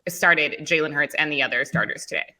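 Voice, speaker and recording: A woman's voice: deep voice, a little fast, sharp tone. A woman co-hosting a postgame sports talk show, earnest and correcting herself as she goes. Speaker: co-host.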